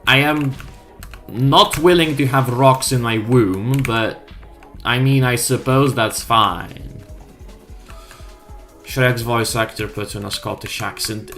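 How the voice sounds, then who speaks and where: A woman's voice: a bass voice, takes it slowly, pauses often, fairly bright tone, soft background music. A woman streamer chatting casually over gameplay, sweary and wry, often mocking herself.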